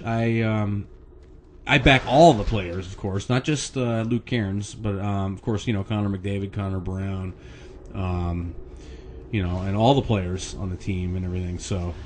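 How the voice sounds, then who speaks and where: A man's voice: lowish voice, a little hiss or hum. A man from Pennsylvania commenting on his own gameplay, rambling and chatty with lots of fillers, chuckles and the odd curse. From Erie, Pennsylvania, US. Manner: rambling, chatty, frequent fillers and laughs, gets worked up and curses. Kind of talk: casual let's-play commentary.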